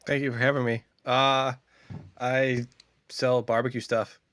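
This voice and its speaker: A man guest speaking in short, understated, low-key replies. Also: level tone, measured pace, a bit bright, clear, resonant tone. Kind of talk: casual chat.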